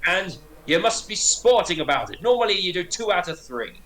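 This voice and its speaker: Animated guy in a tabletop game, high voice, jumps all over. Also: brisk, poor audio. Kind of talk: tabletop role-play, narrating and voicing characters.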